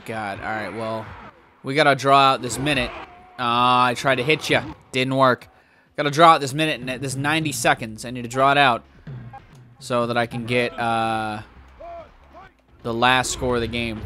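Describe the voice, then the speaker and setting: Bright-voiced profane gaming commentator man. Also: medium pitch. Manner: excitable, profane, yells at the game. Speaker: gaming YouTuber. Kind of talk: let's play commentary.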